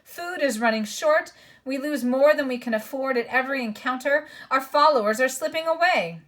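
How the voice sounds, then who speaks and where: A woman's voice: high-pitched, normal speed, a bit bright, voice pushed up. A woman voicing a surly, quarrelsome male dwarf who snarls and sneers. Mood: snarling.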